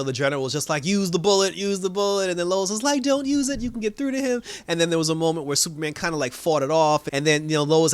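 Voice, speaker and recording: A man's voice: fairly high pitch, no echo. A man casually recapping a TV episode, acting out the characters' lines with frequent laughs and fillers. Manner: animated retelling with quoted voices and laughs. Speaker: TV episode reviewer.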